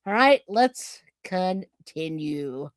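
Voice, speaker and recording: A man's voice: high-pitched, lively intonation, very slow, no room sound, clean studio sound. A man hosting a casual true-crime livestream, chatting with viewers and thanking donors by name. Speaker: livestream host.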